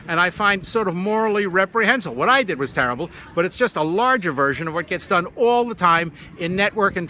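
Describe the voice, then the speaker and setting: Middle-aged man, candid storyteller, bright tense tone, faint street noise behind. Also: high-pitched. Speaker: video journalism teacher. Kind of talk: storytelling to camera.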